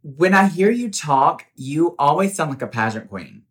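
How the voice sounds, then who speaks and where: A man hosting a podcast as a drag queen, chatty and animated, laughing often. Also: on the high side, normal speed. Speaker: podcast host. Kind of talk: casual chat.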